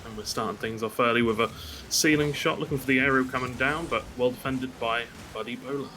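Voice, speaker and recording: An English man with an English accent casting a live esports match in a measured, formal way. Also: mid-range voice, fairly even intonation, background noise. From England. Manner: measured, dry, formal phrasing. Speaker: esports caster.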